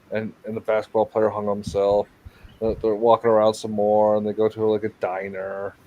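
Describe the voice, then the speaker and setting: A man's voice: fairly low pitch, completely flat delivery, brisk, narrow, tinny audio, a little hiss or hum. A man hosting a casual livestream chat on a video call, rambling through a story with restarts and jokey asides. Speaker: show host.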